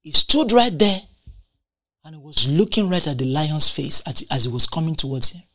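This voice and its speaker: A woman's voice: low voice, big pitch swings, normal speed, bright, forceful tone, no echo. A woman preaching a sermon, emphatic and repetitive, asking rhetorical questions and laughing between points.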